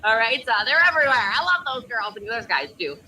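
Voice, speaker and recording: A woman coaching network marketers over a video call, talking with high energy and emphatic conviction. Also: big pitch swings, fast talker, sharp tone, distant mic, slight background noise, low-quality recording. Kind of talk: motivational coaching talk.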